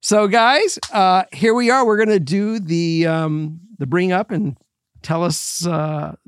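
Brief: gravelly male podcast co-host, playful and excitable, dry close sound. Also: high voice, slow, no room sound. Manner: bursts into loud excited shouting, then chatty and playful. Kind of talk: excited casual podcast chat.

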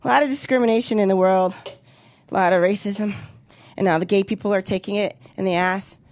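A woman's voice: medium pitch, steady tone, a little fast, a little mellow. A woman in her thirties doing a profane, brash stand-up comedy set on a club stage, acting out the voices of other people. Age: 30s.

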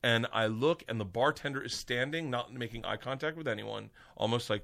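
A middle-aged man tells a rowdy story in casual conversation. His voice is bright and forceful, and he swears freely. He jumps up into high, squeaky voices whenever he quotes other people. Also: a little fast, vocal fry. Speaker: comedian guest.

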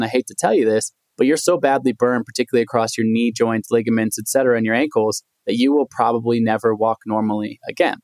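Fast-talking man telling a story. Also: medium pitch, dry recording. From United States. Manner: animated storyteller, acts out quoted voices. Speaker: guest, endurance athlete and author. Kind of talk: storytelling in a podcast interview.

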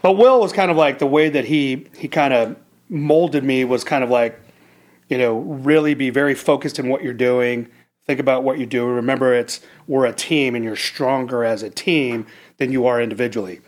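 Reflective American ex-SEAL telling stories. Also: male voice, mid-range voice, steady tone, moderate pace. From United States. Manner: earnest, reflective, with frequent restarts. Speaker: former Navy SEAL officer, guest. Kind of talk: casual conversational storytelling.

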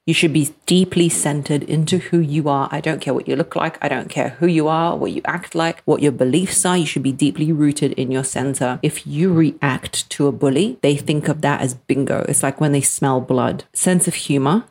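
A woman's voice: sits low, moderate pace, hardly any pauses, a little mellow, slightly rough. A woman in her thirties hosting a podcast, giving blunt, emphatic relationship advice and acting out the people she quotes. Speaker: podcast host answering listener questions. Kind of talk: direct advice talk.

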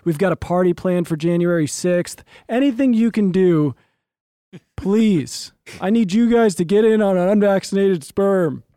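A man with a high voice for a man co-hosts a podcast, riffing in deadpan comedic bits. The sound is dry and close to the mic. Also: a little slow, clear, resonant tone, no echo. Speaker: podcast co-host. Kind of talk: casual comedic chat.

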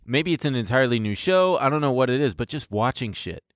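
A man's voice: mid-range voice, animated, fast talker, no room sound, clean studio sound. A man co-hosting a podcast in loose, joking chat, laughing often and swearing freely. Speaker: podcast co-host. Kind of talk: casual comedic chat.

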